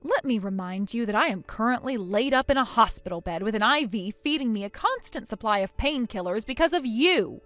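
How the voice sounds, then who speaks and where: A woman's voice: on the high side, animated, brisk, hardly any pauses, a bit bright, no echo. A woman voicing a furious, injured young bride who speaks in a cold, scornful and firm way. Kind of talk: text-message story voice acting.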